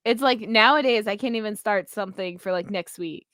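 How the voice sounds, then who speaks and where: A woman co-hosting a casual podcast chat, laughing often and tossing in quick asides. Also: medium pitch, a bit bright, no room sound, studio quality. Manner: giggly, quick asides, mimics voices. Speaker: podcast co-host.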